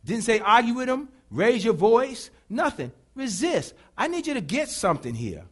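A pastor preaching with call-and-response, animated and bursting into shouts. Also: male voice, extremely high pitch, moderate pace, breathy edge. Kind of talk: sermon.

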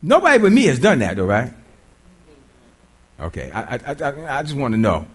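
A man's voice: medium pitch, wildly swooping pitch, moderate pace, breathy edge. A man preaching a sermon in a conversational way, quizzing the congregation and often repeating his words.

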